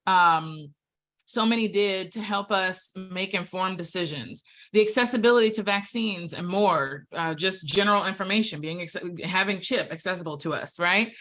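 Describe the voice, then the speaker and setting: A woman's voice: mid-range voice, normal speed, a bit bright. A woman presenting at a staff town hall over a video call, heartfelt and chatty with plenty of fillers.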